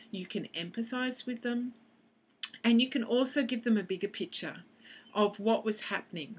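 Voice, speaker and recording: A woman's voice: medium pitch, husky. A woman teaching how to use tapping with children, acting out both sides of a session as she explains. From Australia. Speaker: EFT practitioner. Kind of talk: instructional explanation to camera.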